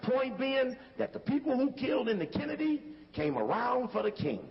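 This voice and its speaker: A man's voice: very high voice, big pitch swings, moderate pace, gravelly. Emphatic man talking over video clips. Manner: emphatic, conversational, repeats himself. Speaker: lecturer. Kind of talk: commentary over video footage. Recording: dull recording from a hall with faint hiss.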